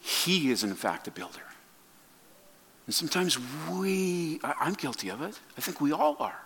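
Bright high-voiced preacher with restarts. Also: male voice, very animated, moderate pace, gravelly, husky. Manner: emphatic, with frequent restarts and repeated words. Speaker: pastor. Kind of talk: sermon.

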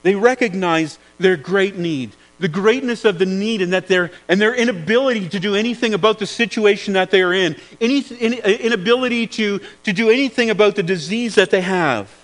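A man's voice: high voice, brisk, few pauses, low-quality recording. A man preaching a sermon in an earnest way, often repeating words as he searches for the phrasing.

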